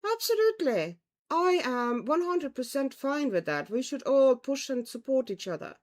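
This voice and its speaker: A woman's voice: high voice, big pitch swings, normal speed. A woman from Estonia with a vague European accent and a slight Irish twang, hosting a casual livestream and chatting with viewers. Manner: chatty, greets viewers, frequent laughs. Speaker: livestream host. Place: home.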